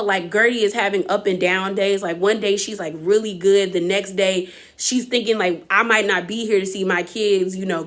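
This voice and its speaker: A woman's voice: fairly high pitch, fairly bright tone. A woman, giving an opinionated, chatty recap of a reality show and acting out quotes from the cast. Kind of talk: casual recap commentary.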